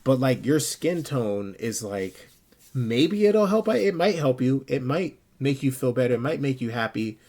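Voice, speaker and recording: A man's voice: mid-range voice, big pitch swings, measured pace, a little mellow. A male streamer talking casually and bluntly to his chat, swearing often and getting worked up.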